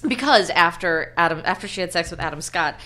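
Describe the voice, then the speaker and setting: A woman's voice: fairly low pitch, fairly quick. A woman chatting casually about a film with friends, acting out the characters' lines as she goes. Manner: animated, acts out characters' lines. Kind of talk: casual movie review chat.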